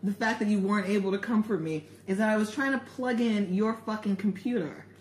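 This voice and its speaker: A woman's voice: mid-range voice, brisk. A woman in casual banter with a co-host, laughing often while telling stories animatedly. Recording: roomy echo, faint ambient noise.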